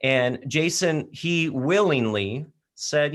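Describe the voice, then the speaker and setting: A man speaking in an online session from his laptop mic, telling an animated story to high school students with frequent laughter. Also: unhurried. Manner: energetic, animated storyteller who laughs often. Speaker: leadership program speaker.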